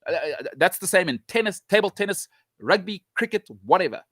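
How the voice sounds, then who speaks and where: Guy hosting a show, fired up and sarcastic about football, a bit high voice, dry close sound. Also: brisk, no echo. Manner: emphatic, animated, sarcastic, repeats points. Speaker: show host. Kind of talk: opinionated football talk.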